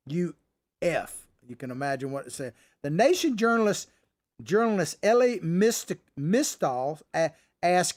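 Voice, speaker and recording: Middle-aged male host, high voice that swings all over, folksy and combative. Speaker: commentary show host. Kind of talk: opinionated political commentary.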